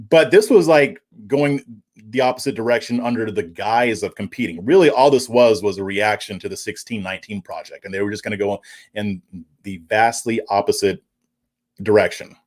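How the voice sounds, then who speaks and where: A man's voice: on the low side, a little fast. A man hosting a political commentary livestream, reading viewer comments in a casual, chuckling way and often stumbling over and repeating words. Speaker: political commentary show host.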